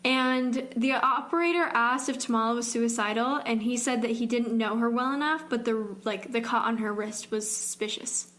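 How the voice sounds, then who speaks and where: Young female podcast co-host, rambling casual talker, slightly high voice, lots of "like". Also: steady tone, moderate pace, hardly any pauses, a bit bright, a little hiss or hum. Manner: rambling, fills speech with "like". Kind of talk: casual true-crime chat.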